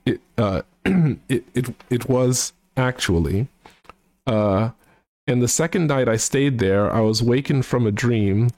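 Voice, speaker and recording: A man's voice: medium pitch, slow, a little mellow, no room sound, natural voice. A man putting on a posh British accent to voice a snooty singer of a comic song, sing-song and stumbling over the wordplay. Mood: jaunty. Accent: put-on upper-class British.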